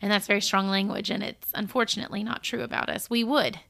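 A woman's voice: medium pitch, fast talker, gravelly. A woman co-hosting a casual Bible study podcast, reading scripture aloud and talking it through. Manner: reads scripture aloud, animated when quoting. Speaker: podcast co-host.

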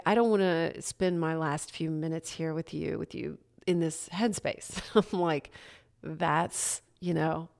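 A woman hosts her own podcast alone, telling a personal story in a casual, animated way. Her voice sits a little low, and she laughs often and acts out what other people said to her. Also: gravelly. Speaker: podcast host.

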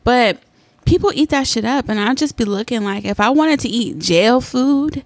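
A woman's voice: on the high side, expressive, normal speed, dry recording. A woman co-hosting a podcast, chatting casually in a blunt, joking, profane way. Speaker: podcast co-host. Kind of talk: casual chat.

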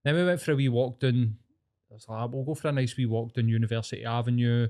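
A man's voice: medium pitch, steady tone, fast, dark tone. Sweary Glaswegian man in his forties. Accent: Glaswegian Scottish. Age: 40s. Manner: swears freely, rambling storyteller. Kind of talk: casual chat.

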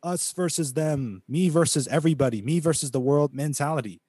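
A man's voice: fairly high pitch, a little fast, dark tone, slightly rough, no echo. A man from the United States co-hosting a podcast, talking emphatically in a preachy way and quoting scripture. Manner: emphatic, preachy, quotes scripture, mocks critics in quoted voices. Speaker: podcast co-host. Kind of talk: casual podcast talk, preaching tone.

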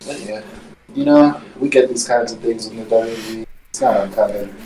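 A man's voice: fairly low pitch, wildly swooping pitch, normal speed, warm tone. A man co-hosting a casual wrestling chat podcast, rambling and opinionated, speaking from a distance away from his microphone. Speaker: podcast co-host. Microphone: far from his mic.

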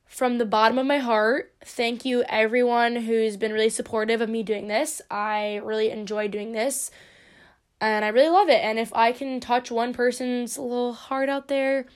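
A young woman hosting her own podcast, talking in a rambling, playful and profane way. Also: fairly high pitch. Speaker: podcast host. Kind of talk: casual solo podcast monologue.

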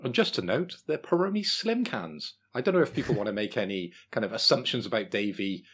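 A young man with a slightly husky voice co-hosts a casual podcast. He teases his friend with dry humour, and his pitch moves around a lot. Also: very animated, fairly quick, fairly bright tone. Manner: teasing, dry ribbing. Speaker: podcast co-host. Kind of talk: casual chat.

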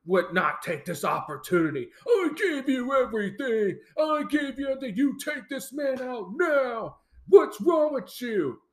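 A man impersonating a shouting, arrogant wrestling boss. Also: a little high, a little slow, gravelly. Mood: indignant. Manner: shouting, scolding. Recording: roomy echo.

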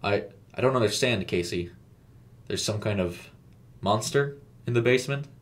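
Man playing a stern secretive middle-aged man, condescending, low voice, horror storybook. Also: brisk, natural voice. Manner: condescending then coldly stern.

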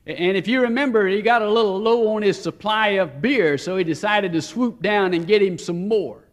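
A man with a high voice delivers a sermon in a story-telling way. He lingers slowly on weighty phrases, then hurries through his asides. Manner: story-telling, shifts between slow emphasis and quick asides. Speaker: preacher.

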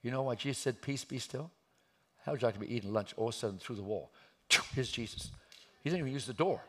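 A man preaching a sermon, acting out a story and swinging from hushed tones to loud outbursts. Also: medium pitch, fast. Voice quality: gravelly, husky.

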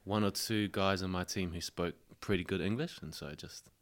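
Laid-back New Zealand man, low voice. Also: brisk. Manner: laid-back storyteller, says bro constantly. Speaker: podcast guest. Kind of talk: casual chat.

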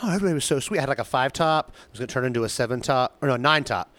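A man's voice: medium pitch, animated, racing, a bit bright, no echo. A man in casual chat, a restaurant server, telling a wry, teasing story about a table of customers.

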